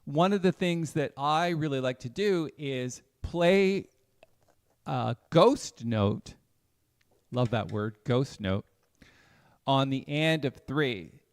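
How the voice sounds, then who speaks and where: A man teaching jazz piano in a live online lesson, talking in a relaxed, thinking-aloud way and counting beats aloud as he plays. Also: on the high side, a little slow, few pauses, smooth. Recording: piano playing behind the voice. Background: piano music.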